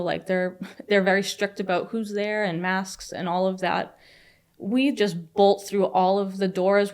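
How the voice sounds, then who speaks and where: A young woman telling a personal story as a podcast guest, fast and chatty with many fillers. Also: mid-range voice. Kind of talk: casual storytelling.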